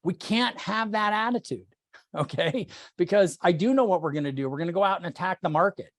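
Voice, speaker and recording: A man's voice: sits high, expressive, fairly quick, dry recording. A man leading a sales team meeting over a video call, blunt and swearing casually.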